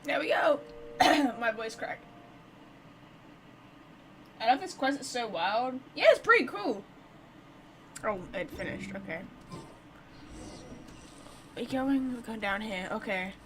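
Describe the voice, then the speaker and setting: A woman's voice: fairly high pitch, expressive, takes it slowly, pauses often, a bit bright, a little hiss or hum, low-quality recording. A woman giving casual, playful commentary while playing a game, chatty and full of fillers. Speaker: game streamer.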